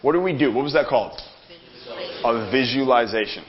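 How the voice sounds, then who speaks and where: A man giving a live motivational seminar talk, energetic and profane, speaking straight to the audience in the room. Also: medium pitch, a little fast. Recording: dull lo-fi sound.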